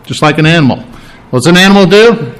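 Animated man preaching a sermon. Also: a little high, fast, clean tone, low-quality recording. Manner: animated, acts out quoted voices. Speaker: pastor.

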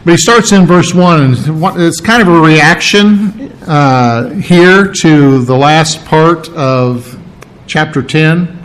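A middle-aged man giving a verse-by-verse Bible teaching, unhurried and explanatory, pausing on fillers as he works through the text. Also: on the high side, a bit bright, low-quality recording. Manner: unhurried, with frequent fillers and restarts while explaining.

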